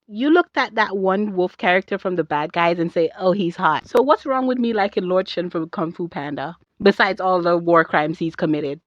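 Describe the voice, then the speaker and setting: A woman ranting casually to camera in a sassy, animated way, drifting off on tangents. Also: on the low side, moderate pace, hardly any pauses, no echo. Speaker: video creator and artist. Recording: dull lo-fi dry recording.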